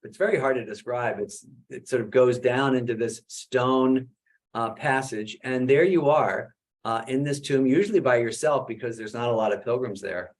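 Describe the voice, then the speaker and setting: A middle-aged man, a Jesuit priest, giving a conversational webinar talk about his book, full of "uh" fillers and animated questions. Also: mid-range voice, moderate pace.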